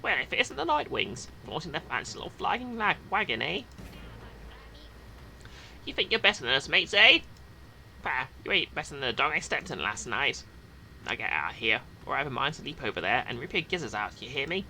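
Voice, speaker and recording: A gruff, jeering brawler with a put-on working-class northern English accent. His voice is gravelly and bright, swinging wildly in pitch. Background noise sits under it. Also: sing-song, brisk, heavily acted, rough recording. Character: rough brawling male team captain, mocking.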